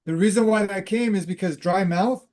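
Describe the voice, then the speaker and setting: A man's voice: sits high, normal speed, a little mellow. A man hosting a talk, casually telling a personal story and drifting into spiritual teaching, with many fillers and restarts. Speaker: host.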